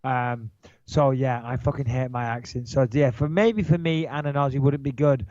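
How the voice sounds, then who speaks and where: A man's voice: mid-range voice, moderate pace, no room sound, highs cut off. A man in his thirties from just outside Manchester, with a nasal Manchester accent, talking brashly and profanely on a casual podcast. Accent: Manchester English. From England. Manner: brash and profane, with lively impressions. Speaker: podcast host.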